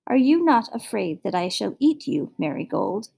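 A woman's voice: mid-range voice, very animated, moderate pace, vocal fry, dark tone, breathy edge, full character voice. A woman voicing a big tiger in a fairy tale, growling at first and then purring kindly as a protective guardian. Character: big gruff tiger turned friendly guardian.

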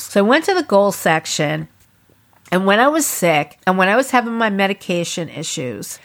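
A woman's voice: medium pitch, a bit bright. A middle-aged woman hosting her own podcast, talking alone in a chatty, rambling, frank way. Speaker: podcast host. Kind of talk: casual solo podcast talk.

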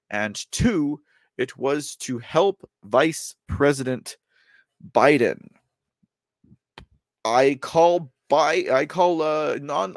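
Gravelly-voiced man rambling. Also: fairly high pitch, no echo. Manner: rambling, repeats phrases, many fillers; reads news excerpts aloud. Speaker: podcast host. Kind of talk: casual political commentary.

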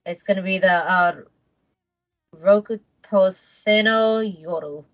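A woman's voice: medium pitch, takes it slowly, soft background music, poor audio. A woman co-hosting a podcast in a casual chat. She makes matter-of-fact points and dry asides. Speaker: podcast co-host.

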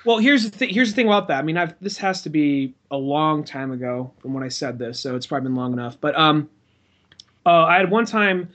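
Podcast co-host, male, high-pitched, rambling storyteller who loses words and swears. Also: lively intonation, fairly quick, a bit bright. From California. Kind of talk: casual chat.

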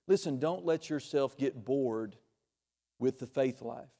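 A man preaching a sermon in a church, conversational and joking, with sudden loud bursts. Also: mid-range voice, measured pace, vocal fry. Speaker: pastor. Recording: long reverb of a large hall.

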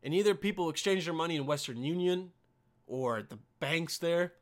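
A man's voice: a little high, moderate pace. A young man from Bosnia hosting a casual solo podcast, ranting with lots of swearing and calling listeners dude. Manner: profane, animated, calls listeners dude and man. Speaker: podcast host.

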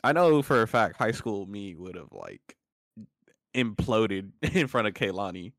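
A man's voice: on the low side, sing-song, measured pace, a bit bright, no room sound, clean studio sound. A young man in casual podcast chat, rambling with many fillers and laughing often. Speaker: podcast co-host.

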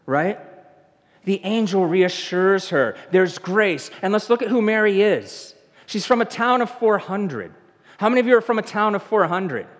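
In a church sanctuary, a Southern pastor from the American South preaches a conversational sermon and puts questions to the congregation. His voice is high and animated at a normal speed, with a long reverb tail trailing each line.

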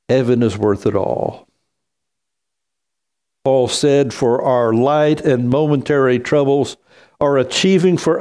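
A man preaching a sermon as pastor, slow and emphatic, with wide swings in pitch. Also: a little mellow.

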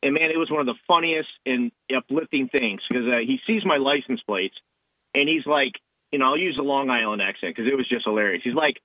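A man's voice: mid-range voice, brisk, no room sound. A male podcast co-host talking politics casually, emphatic and rambling, on tinny phone-like audio.

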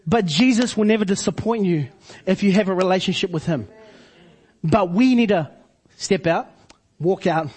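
A man preaching a sermon to his congregation, repeating key phrases slowly for emphasis. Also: high voice. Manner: preaching with slow emphatic repetitions. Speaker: pastor.

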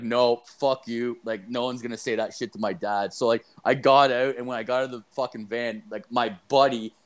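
A young man talks casually with a friend, telling a story in a rambling, profane way. He leans on fillers and swears often, keeping it animated and unpolished. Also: mid-range voice. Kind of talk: casual chat.

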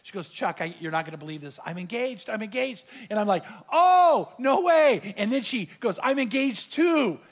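A middle-aged male pastor delivers a sermon in a fairly high voice. He tells a personal story and acts out the quoted dialogue with animated energy. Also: a little fast, hardly any pauses.

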